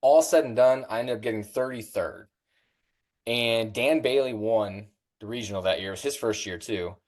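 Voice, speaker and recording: Animated storytelling man, medium pitch. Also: normal speed. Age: middle-aged. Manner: animated, acts out quoted voices with big pitch jumps. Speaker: podcast guest, fitness coach. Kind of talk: casual storytelling interview.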